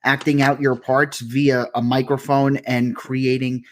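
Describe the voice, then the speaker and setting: A man's voice: mid-range voice, level tone, measured pace, slight background noise. A man hosting a podcast, casually asking curious follow-up questions. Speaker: podcast host.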